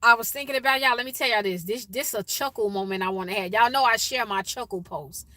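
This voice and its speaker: A woman from Chicago, USA, with a Chicago accent hosts a casual livestream, chatting with viewers and greeting them by name. Her voice is a little high and sharp in tone, she talks fast, and there's no echo.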